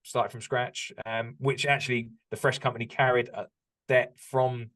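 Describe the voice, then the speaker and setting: A man's voice: medium pitch, little pitch movement, moderate pace, a bit bright. A British man talking candidly as a podcast guest, reflective and open, with frequent restarts and ums. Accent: British English. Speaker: podcast guest, business owner. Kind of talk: casual interview chat.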